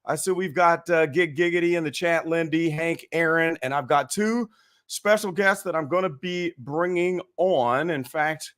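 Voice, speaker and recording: A man with a raspy voice hosting a casual political live stream, chatty and folksy, greeting his viewers. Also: fairly high pitch, moderate pace, a bit bright. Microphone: webcam and computer mic.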